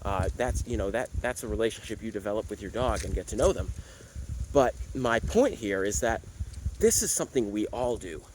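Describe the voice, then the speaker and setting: A man's voice: on the low side, expressive, moderate pace, darkish tone, a little hiss or hum, poor audio. A man who works as a dog trainer, talking casually to camera with frequent fillers and tag questions. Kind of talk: casual talking-head explainer.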